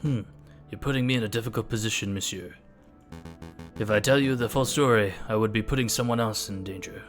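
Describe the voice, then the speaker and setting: A man's voice: lowish voice, fairly quick, soft background music, natural voice. A man voicing a cunning male fox who poses as a prince, talking in a suave, theatrical way with a put-on Spanish accent. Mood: confiding.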